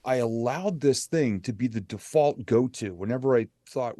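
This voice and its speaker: A man's voice: medium pitch, lively intonation, normal speed, mellow, dry recording. A middle-aged man, a motivational speaker, telling a candid personal story as an interview guest.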